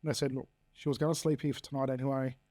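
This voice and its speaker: A man's voice: medium pitch, level tone, racing, warm tone. An Australian man in his thirties, a podcast guest telling his story bluntly, swearing freely and acting out quoted dialogue. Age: 30s. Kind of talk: candid personal storytelling.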